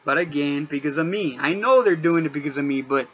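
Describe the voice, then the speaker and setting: Man, vlogger, heated cursing rant, high bright voice, dull lo-fi audio. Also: a little fast, breathy edge. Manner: profane, heated, animated storytelling. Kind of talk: casual rant to camera.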